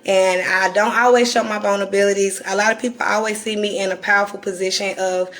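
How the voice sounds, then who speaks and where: A woman from North Carolina with a Southern accent and a raspy, croaky voice, talking candidly and deliberately to viewers on a live stream. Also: mid-range voice, fairly even intonation, a bit bright. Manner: reflective and candid, slowed deliberate delivery. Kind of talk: casual live-stream talk.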